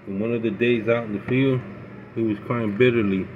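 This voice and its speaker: A man's voice: on the low side, fairly even intonation, a little fast. A man telling a story casually, in a rambling, folksy way that often repeats itself. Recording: phone-like with faint noise.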